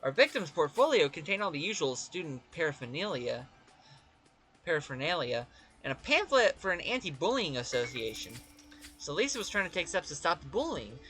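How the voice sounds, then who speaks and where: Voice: medium pitch, sing-song, brisk, fairly bright tone, soft background music. A gamer reading game dialogue aloud, voicing a chatty, eager male police officer who talks to his partner.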